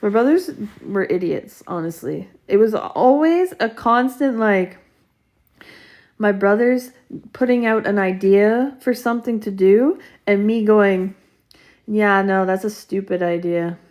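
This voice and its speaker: A woman tells a story from her own life in an easygoing, rambling way. She talks at an unhurried, drawn-out pace in a mid-range voice, often restarting her sentences and filling pauses as she goes. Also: mid-range voice, expressive, a little mellow. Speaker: vlogger. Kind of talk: casual storytelling.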